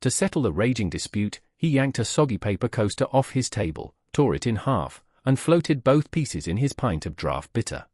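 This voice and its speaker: A man's voice: medium pitch, big pitch swings, normal speed, hardly any pauses, darkish tone, breathy edge, no echo, clean studio sound. A man narrating scripted anecdotes in a wry storytelling manner.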